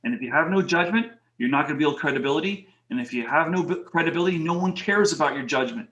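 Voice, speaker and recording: A man's voice: on the high side, fast, muffled recording. A middle-aged man, a talent advisor, telling work stories as an interview guest. He talks animatedly, acts out what people said, and uses a lot of "you know". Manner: animated, acts out quoted dialogue, many "you know" fillers. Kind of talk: casual interview storytelling. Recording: roomy echo.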